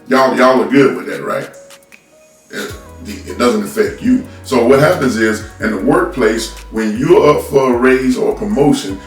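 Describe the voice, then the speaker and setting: A man ranting bluntly and scolding his listeners, stumbling over repeated words as he talks into a phone from a distance. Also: medium pitch. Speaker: commentary host. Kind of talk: unscripted political rant. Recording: roomy, from a distance off the mic.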